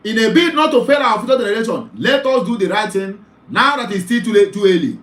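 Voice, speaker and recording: Urgent high-voiced Nigerian man. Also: lively intonation, fast talker, a bit bright, echoey room. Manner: pleading, urgent, repetitive. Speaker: online talk show host. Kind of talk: impassioned commentary monologue.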